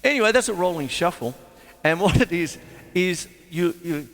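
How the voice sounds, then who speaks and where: A man's voice: high-pitched, lively intonation, normal speed, a bit bright, big-room sound. A man hosting a casual livestream drum lesson from his home studio, chatty and rambling, laughing at his own jokes. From Australia. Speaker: drum teacher and show host.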